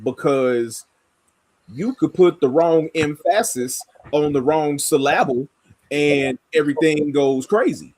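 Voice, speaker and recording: A man in casual group conversation, talking slowly and emphatically and demonstrating points by changing his tone. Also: a little high, a little mellow, dry recording. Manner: slow, emphatic, explains by demonstrating tone.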